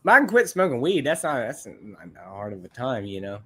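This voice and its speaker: A male livestream host chats casually with live viewers in a sing-song, medium-pitched voice at normal speed, pushed, bright, and slightly rough. He rambles bluntly, swears, and often repeats himself.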